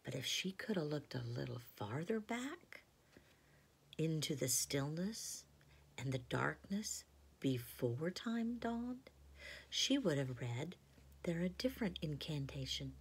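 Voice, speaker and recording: A woman reading aloud and voicing Aslan, a great wise male lion who speaks slowly and solemnly. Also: low-pitched, sing-song, vocal fry, husky, full character voice.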